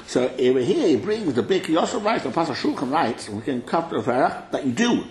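Guy teaching a class, animated, keeps asking students stuff, roomy echo. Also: fairly high pitch, a little fast, slight background noise. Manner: animated, questioning, calls on students by name. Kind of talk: explaining a text to students. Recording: echoey room.

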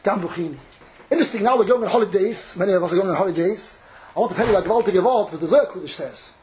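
A man's voice: high voice, rapid-fire, a little mellow, slight background noise. A man giving a Hasidic Torah sermon, chanting verses in a sing-song and repeating his phrases. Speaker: rabbi giving a Torah talk.

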